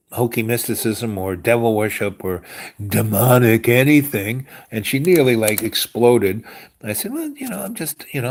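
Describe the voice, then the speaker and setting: A man with a slightly low voice tells a wandering story straight to his camera. He talks casually and loosely, restarting sentences and padding them with filler phrases as he goes. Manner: meandering, full of "you know" and restarts. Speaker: livestream host.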